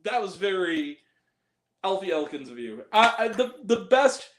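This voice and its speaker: Male host, high register, animated and profane in loose film talk. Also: a little slow. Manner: animated, rambling, swears freely. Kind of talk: casual movie chat.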